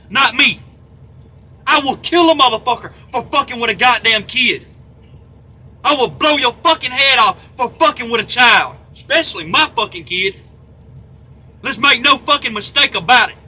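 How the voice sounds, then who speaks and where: A middle-aged vlogger with a very high, husky voice that sounds pushed and bright vents at the camera in a heated, profane and repetitive rant. Faint background noise can be heard.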